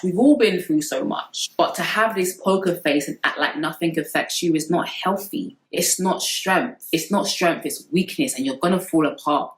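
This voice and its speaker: Low-voiced woman vlogging advice, blunt and sisterly, kinda echoey room. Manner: direct, sisterly, emphatic, addresses viewers as sis. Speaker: vlogger giving relationship advice. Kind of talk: candid talking-to-camera advice.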